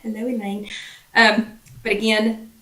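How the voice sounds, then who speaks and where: A woman with a Southern US accent hosts a live chat, talking fast and greeting viewers by name, her voice still slightly irritated. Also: mid-range voice, flat delivery, sharp tone, reverberant, recorded from a distance. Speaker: host of a live weight-loss chat.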